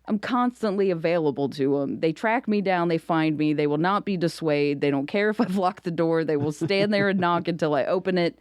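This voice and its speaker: A woman's voice: fairly low pitch, brisk, hardly any pauses, dry recording, clean studio sound. A middle-aged woman, a comedian guest on a podcast, telling stories in casual chat and laughing often. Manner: animated storyteller, laughs often.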